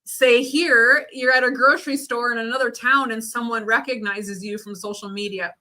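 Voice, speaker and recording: A woman's voice: fairly high pitch, fairly even intonation, moderate pace, bright, forceful tone. A woman as a guest in a casual chat, speaking frankly and swearing casually.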